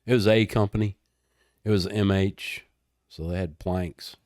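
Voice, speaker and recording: A man's voice: low voice, fairly even intonation, measured pace, darkish tone, dry recording, studio quality. A man, telling stories in a casual interview. He laughs often and drops "man" and "dude" into his talk. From Texas. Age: 60s. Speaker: guest, retired helicopter pilot.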